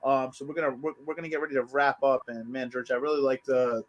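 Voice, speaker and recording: A man's voice: mid-range voice, level tone, fast, lo-fi sound. A man hosting a podcast, talking earnestly and laying out motivational points one after another. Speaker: podcast host. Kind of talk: casual podcast talk with wrap-up points.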